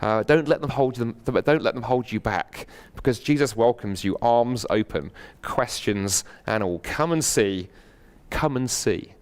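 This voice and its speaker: A British man giving a university lecture in a packed hall, earnest and animated, with frequent fillers and restarts. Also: mid-range voice, a little slow, smooth. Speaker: guest lecturer.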